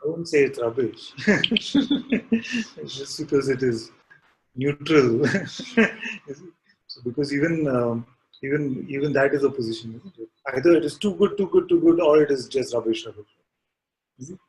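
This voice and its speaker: A man at a middle pitch speaks as a spiritual teacher in a satsang. His delivery is calm and unhurried. He draws the listener in with gentle, probing questions. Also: a little hiss or hum, rough recording. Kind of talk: satsang dialogue.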